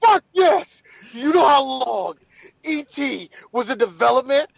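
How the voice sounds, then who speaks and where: High, gravelly man riffing profanely. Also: expressive, measured pace, no echo, muffled recording. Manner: rowdy, profane riffing with acted-out bits. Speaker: podcast co-host. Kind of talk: casual podcast banter.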